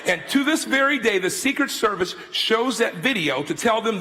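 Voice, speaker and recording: Man in his fifties, guest preacher, high voice, lively swooping delivery, theatrical storytelling, long hall reverb. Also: fairly quick, hardly any pauses, a little hiss or hum. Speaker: guest speaker. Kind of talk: sermon with storytelling. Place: large university worship hall.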